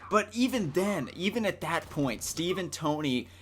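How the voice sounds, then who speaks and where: Excitable man stumbling through his argument. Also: sits high, moderate pace, slightly rough. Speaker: guest. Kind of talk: casual movie debate.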